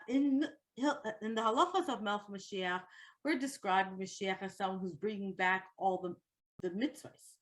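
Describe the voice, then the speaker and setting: A woman's voice: medium pitch, fairly bright tone. A woman teaching an online Torah class, reading Hebrew text and translating it line by line into English.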